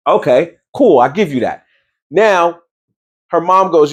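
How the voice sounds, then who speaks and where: A man's voice: fairly high pitch, expressive, takes it slowly, slightly rough. Slangy New guy ranting. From New York. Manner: slangy, incredulous, mocking. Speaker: show reviewer. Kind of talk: casual recap rant.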